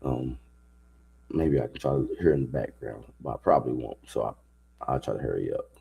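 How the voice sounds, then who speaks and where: A low, husky male voice in casual live reaction commentary. He rambles loosely and swears freely, with a rough, grainy edge to his tone and a deep register. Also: expressive, brisk, dark tone, lo-fi sound. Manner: loose, profane, rambling talk. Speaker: streamer reacting to a video.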